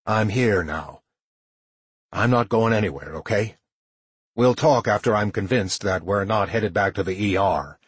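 A male narrator voicing a worried young man who speaks in a calm, reassuring way with a husky tone. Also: lowish voice, measured pace, no echo. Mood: soothing.

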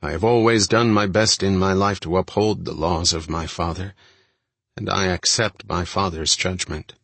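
A man reading the words of a meek, trembling male cult leader in a quiet, subdued way. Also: sits low, steady tone, normal speed, husky, no echo, full character voice.

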